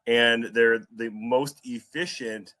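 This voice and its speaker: A man with a middle-pitched voice hosts a casual sports podcast. His delivery is relaxed and easygoing, full of jokes and friendly banter. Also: takes it slowly. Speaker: podcast host.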